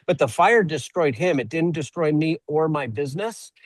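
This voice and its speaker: Halting, stammering man on a call. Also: a little high, animated, no echo, rough recording. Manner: halting, repeats words when starting sentences. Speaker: auto repair shop owner, webinar guest. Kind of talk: conversational storytelling.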